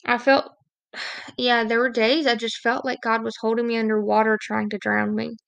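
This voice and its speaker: A woman's voice: a little high, flat delivery, moderate pace, vocal fry, a bit bright, clear, resonant tone, no room sound, highs cut off. A woman giving a candid, confessional devotional talk as a Christian speaker, sharing her own testimony with a bit of self-deprecating humor.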